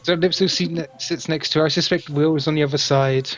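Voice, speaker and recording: Man, game master, relaxed narration, laughs often, slightly high voice, dull lo-fi sound. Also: fast.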